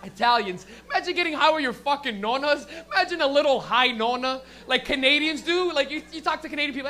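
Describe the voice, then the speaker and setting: A man's voice: very high-pitched, fast talker, hardly any pauses, sharp tone. A young man doing stand-up, loose and profane, working and teasing the crowd. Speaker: stand-up comedian.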